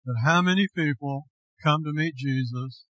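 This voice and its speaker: Slow deliberate male pastor preaching, bright voice, kinda dull lo-fi sound. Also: fairly high pitch, no room sound. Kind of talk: sermon.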